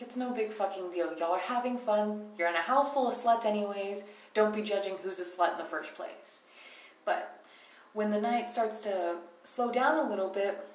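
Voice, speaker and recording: A woman's voice: mid-range voice, far from the mic. A young woman giving a casual, rambling recap of a reality show, swearing freely and opinionated, laughing as she talks. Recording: roomy echo, speaking away from the mic.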